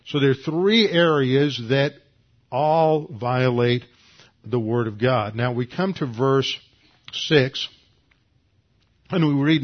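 Man teaching scripture, slightly muffled. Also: mid-range voice. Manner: measured, explanatory, frequent fillers and restarts. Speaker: preacher. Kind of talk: expository Bible teaching.

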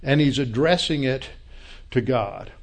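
In a mid-range voice, a man works through a Bible passage, unpacking the Hebrew words one by one. His delivery is unhurried and explanatory.

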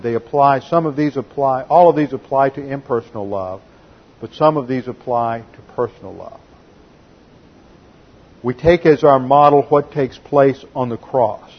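A man's voice: medium pitch, breathy edge, highs cut off. Man preaching a methodical Bible lesson. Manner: methodical teaching, reads scripture quotes aloud. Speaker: pastor. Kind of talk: sermon.

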